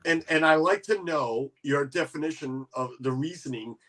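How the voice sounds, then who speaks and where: A man's voice: on the high side, moderate pace, a bit bright. A man hosting a casual livestream chat, rambling with many restarts. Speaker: livestream host.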